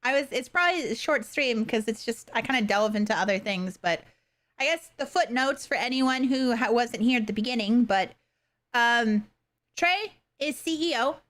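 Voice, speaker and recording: A young adult woman chatting casually with her livestream viewers, halting and soft-spoken, with many fillers and pauses. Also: on the high side, animated. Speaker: streamer.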